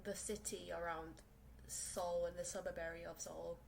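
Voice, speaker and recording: On a rough recording with slight background noise, the podcast host speaks at normal speed in a gravelly, slightly mellow voice that sits on the low side with a level tone. She is a young South Korean woman speaking English as a second language, rambling with fillers and restarts in a casual solo show from her small room.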